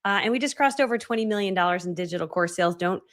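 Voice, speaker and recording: This woman in her forties coaches an online course with a chatty, self-deprecating motivational talk, acting out her own past reactions and dropping in plenty of fillers like "right?". She speaks very fast in an expressive mid-range voice.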